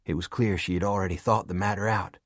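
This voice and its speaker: A man reading an audiobook in an even storytelling manner. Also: low voice, fast, breathy edge, dry recording, studio quality. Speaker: audiobook narrator. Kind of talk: scripted narration.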